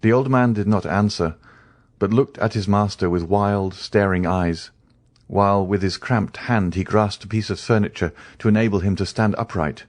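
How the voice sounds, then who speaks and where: Low-voiced man reading an audiobook. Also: normal speed, a little mellow, no room sound, studio quality. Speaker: narrator. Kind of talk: audiobook narration.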